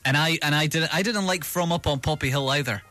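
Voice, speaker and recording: A man's voice: on the high side, fast, pushed and bright, faint music behind. A man co-hosting a casual film podcast, rambling and joking with frequent restarts. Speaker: podcast co-host.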